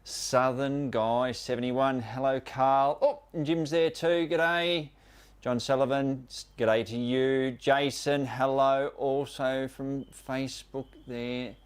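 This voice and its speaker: A man's voice: medium pitch, steady tone, takes it slowly, clear, resonant tone. An Australian man hosting a live stream, chattily welcoming viewers one by one by name. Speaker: host of a live prospecting show.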